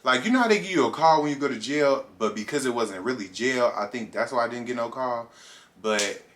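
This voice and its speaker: A young man vlogging a casual storytime, animated and acting out his own reactions as he goes. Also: mid-range voice, fairly quick.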